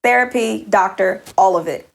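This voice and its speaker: Young mom on a podcast telling her story, acts out everyone's lines, super animated. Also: normal speed, gravelly. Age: young adult. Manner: animated, acts out other people's quotes with jumps in pitch. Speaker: podcast guest, author and new mother. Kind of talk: casual storytelling in a podcast interview.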